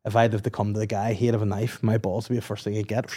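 A man's voice: on the low side, flat delivery, very fast, mellow, breathy edge. A man with a Northern Irish accent, hosting a comedy podcast and telling crude, rambling anecdotes full of swearing. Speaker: podcast host. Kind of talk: casual comedy banter.

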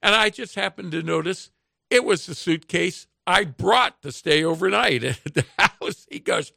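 A man's voice: sits high, lively intonation, a little slow, creaky, bright, forceful tone, no echo, studio quality. A man hosting a radio show, telling folksy anecdotes in casual chat and chuckling often.

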